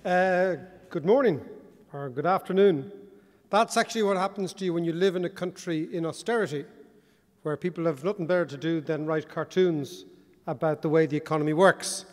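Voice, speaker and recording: A man's voice: fairly high pitch, moderate pace. A man with an Irish accent giving a wry, joking conference speech as keynote speaker. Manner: wry, joking, animated delivery. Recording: long reverb of a large hall.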